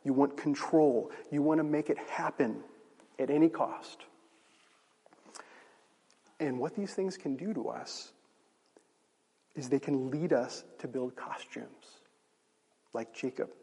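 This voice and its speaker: A man's voice: medium pitch, takes it slowly, creaky, pauses often, mellow, slightly rough. A male pastor preaching a sermon, conversational and asking the audience rhetorical questions. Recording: long reverb of a large hall.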